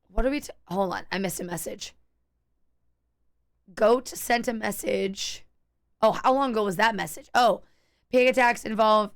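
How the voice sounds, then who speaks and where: A woman's voice: mid-range voice, moderate pace, pauses often. A young adult woman streaming a game, chatting candidly with viewers in a rambling way, restarting sentences and swearing freely. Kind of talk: casual chat while gaming.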